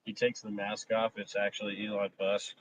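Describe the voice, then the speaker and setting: A man's voice: lowish voice, completely flat delivery, normal speed, muffled recording, a little hiss or hum. A man joking around and rambling in casual live stream banter, laughing often.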